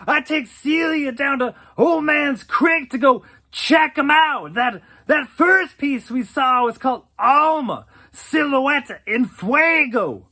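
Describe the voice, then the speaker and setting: A man's voice: very high voice, sharp tone, full character voice. An actor playing a crude, joking young man telling a story about babysitting his young cousin, laughing often. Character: cocky young man, art-scene joker. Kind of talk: storytelling monologue.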